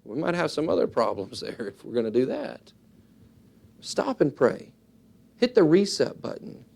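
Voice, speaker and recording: A man preaching a sermon, earnest and emphatic, swinging his pitch widely and acting out little dialogues as he goes. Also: wildly swooping pitch, moderate pace, vocal fry, a little mellow.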